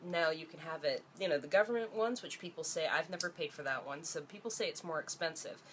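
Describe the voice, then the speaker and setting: Young woman from Canada, vlogger, lowish voice, blunt and swearing, faint room hum behind. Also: a little fast, a bit bright. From Canada (Ontario). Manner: blunt and profane, rising to heated exasperation. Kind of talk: ranting vlog to camera.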